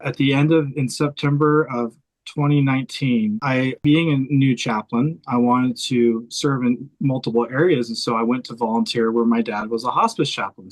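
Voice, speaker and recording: A man's voice: mid-range voice, poor audio. Earnest man, a hospice chaplain. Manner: earnest, heartfelt, close to tears while telling it. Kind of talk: personal storytelling in an interview. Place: room in a private house.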